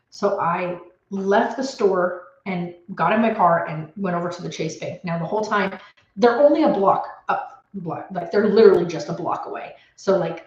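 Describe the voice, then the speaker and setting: A woman's voice: mid-range voice, darkish tone. Woman vlogger, home office, nervous rambling storyteller near tears; roomy, slightly muffled audio. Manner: anxious, rambling retelling with many restarts. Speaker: homestead vlogger. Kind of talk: casual storytelling to camera.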